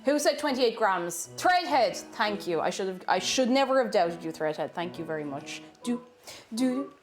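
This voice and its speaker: A woman live-streams from her home kitchen as she bakes, chatting playfully while humming and singing to herself. Her voice is medium-pitched and sing-song at a normal speed, with music playing in the background.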